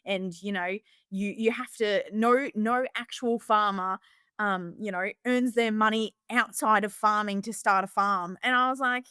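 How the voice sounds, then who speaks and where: A woman's voice: medium pitch, measured pace, sharp tone, smooth, dry recording. A young woman with an Australian accent chats bluntly as a podcast guest. She swears freely and acts out what other people said. Her voice sits mid-range, close and dry. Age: 20s. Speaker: guest farmer. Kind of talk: casual podcast chat.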